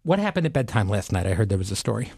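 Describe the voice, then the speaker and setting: A man hosting a casual podcast conversation, easygoing and soft-spoken. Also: lowish voice, very animated, rapid-fire, gravelly, a little hiss or hum. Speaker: podcast host and producer.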